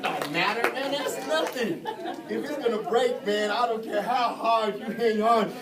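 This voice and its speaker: A middle-aged evangelist preaching a sermon, telling humorous stories in an informal voice and building to shouted exhortations. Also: male voice, extremely high pitch, measured pace, recorded from a distance, crowd noise. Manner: swings from soft storytelling to shouted exhortation; informal, humorous, repeats phrases. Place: church sanctuary. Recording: echoey church hall from off mic. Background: congregation calling out responses.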